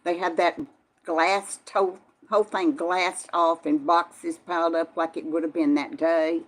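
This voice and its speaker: A woman's voice: fairly low pitch, level tone, unhurried. An older woman, chatting casually on a live stream and answering viewers by name in a folksy way. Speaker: vlog host reading live chat.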